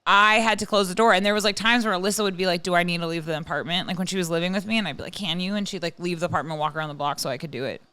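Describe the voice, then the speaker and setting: Smooth-voiced young woman, candid chat. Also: on the low side, rapid-fire, hardly any pauses, bright, forceful tone, no room sound. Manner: candid, rambling, self-deprecating. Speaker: podcast guest. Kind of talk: casual podcast chat.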